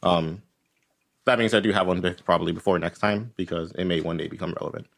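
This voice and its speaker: A man's voice: sits low, steady tone, fast talker, vocal fry. A man running a tabletop game as game master, rambling casually and tagging his points with "right?". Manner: rambling, tags lines with "right?".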